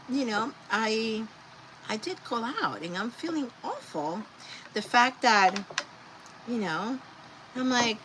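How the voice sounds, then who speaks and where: A woman hosting a live crafting stream, chatting and rambling to her viewers as she works. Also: a little high. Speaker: craft livestream host. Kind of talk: casual live crafting chat. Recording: steady background noise.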